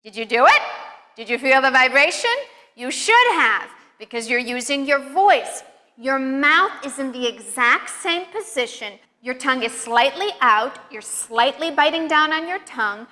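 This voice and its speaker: Pronunciation teacher, woman, slow and exaggerated drills, long reverb as if in a hall. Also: high voice, pushed and bright. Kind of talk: pronunciation lesson.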